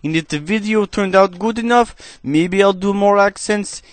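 A man's voice: high-pitched, dry recording. Man with a cheesy fake Russian accent. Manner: broken, halting English with stumbles. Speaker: gaming commentator. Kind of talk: gameplay commentary. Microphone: headset.

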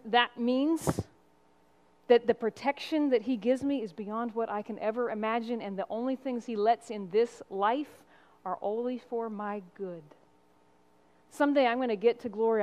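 A woman's voice: on the high side, smooth. A woman pastor giving a sermon in an earnest, conversational preaching style. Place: church sanctuary. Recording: long reverb of a church hall.

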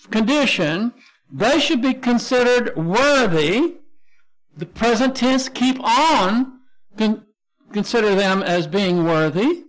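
A man with a Texan accent teaching a Bible lesson as pastor, explaining Greek words step by step and spelling them out letter by letter. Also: high voice. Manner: explains word by word, spells out Greek terms, frequent restarts.

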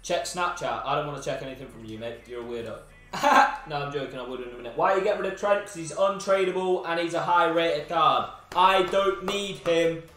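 A young man with a high voice chats and jokes with his viewers while opening packs on a live stream, teasing them and yelling now and then. His voice rings around a roomy space, with game music faintly underneath. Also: fairly quick. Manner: banter with chat, teasing viewers, sudden shouts. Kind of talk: live-stream gaming chat.

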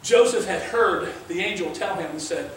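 A man's voice: high-pitched, normal speed, fairly bright tone, slight background noise. A male pastor preaching a sermon in an earnest, conversational way, weaving in scripture readings. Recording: very echoey room, mic far off.

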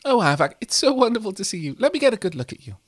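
A man voicing a doting, chatty elderly grandmother who fusses over her grandchild with rapid questions. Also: high-pitched, very animated, dry recording, studio quality, voice pushed up.

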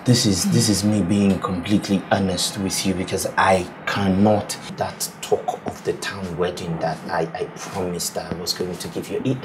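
A man's voice: low voice, steady tone, moderate pace, hardly any pauses, over music, natural voice. A young man with a Nigerian accent, playing an earnest groom-to-be who stammers and repeats his words. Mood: pleading. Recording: noisy background hum.

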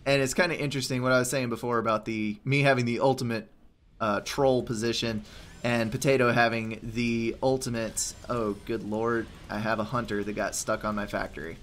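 A man's voice: medium pitch, steady tone, a little fast, fairly bright tone, slight background noise. A man giving casual gameplay commentary, explaining positions in a dry, slightly sarcastic way. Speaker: game commentator.

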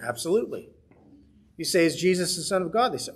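A man's voice: fairly high pitch, animated, fast, breathy edge. A man teaching a Bible study as pastor, in an earnest, conversational way, sometimes acting out the voices he quotes.

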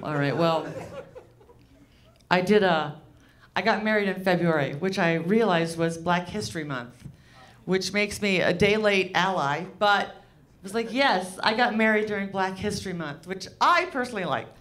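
A woman's voice: on the low side, expressive, unhurried, long pauses, fairly bright tone. A woman comedian doing a stand-up set on a club stage, loose, rambling and crude, poking fun at herself. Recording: live club set with audience laughter.

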